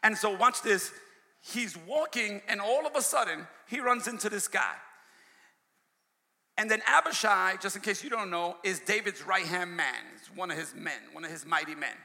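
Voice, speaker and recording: A male preacher delivering a sermon, swinging from shouts to hushed asides and calling out to his congregation. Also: high voice, normal speed, gravelly, in a large hall. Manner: call-and-response preaching, shouting and dropping to a hush. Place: church sanctuary.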